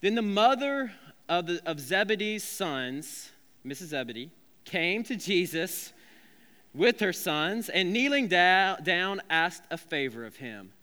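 A male pastor giving a lively, joking, conversational sermon in a church sanctuary. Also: sits high, measured pace, clear, resonant tone. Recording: long reverb of a large hall.

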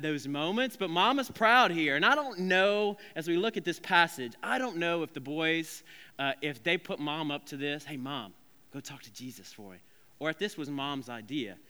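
Male pastor, lively and joking from the pulpit; smooth, resonant voice pitched a touch high. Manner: lively, joking, conversational preaching. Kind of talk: sermon. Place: church sanctuary. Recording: long reverb of a large hall.

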